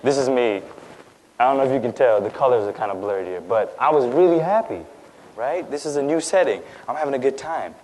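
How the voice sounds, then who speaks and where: A man's voice: mid-range voice, lively intonation, fairly quick, a little mellow, a little hiss or hum, rough recording. A young man from India who grew up in Dubai, giving a personal talk on stage in a conversational way, with frequent fillers and "right?" asides. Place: lecture stage.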